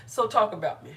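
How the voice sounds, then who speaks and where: A woman's voice: mid-range voice, pushed and bright, a little hiss or hum. A middle-aged woman chatting casually on a live stream while doing her hair, laughing often and greeting viewers by name.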